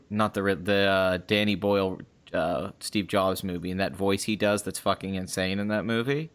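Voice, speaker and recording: Excitable low-voiced male podcast host. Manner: excitable, swears freely, trails off and restarts. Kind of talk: casual chat.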